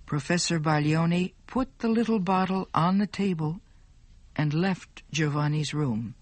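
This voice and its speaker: A woman narrating a story in a slow, clear, deliberate way. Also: lowish voice, darkish tone, dry recording.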